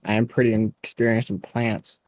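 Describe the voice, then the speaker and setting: A man playing in a tabletop game, talking in a halting way and often repeating words. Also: medium pitch, flat delivery, darkish tone, no echo. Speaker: player. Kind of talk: casual online game chat.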